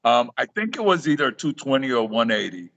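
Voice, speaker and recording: Appearing as a guest on a live talk show, a middle-aged man who writes about reef aquariums spins stories, voicing quoted lines and often starting sentences over. He speaks a little fast in a sing-song, mid-range voice with vocal fry and slight brightness, though the audio is dull.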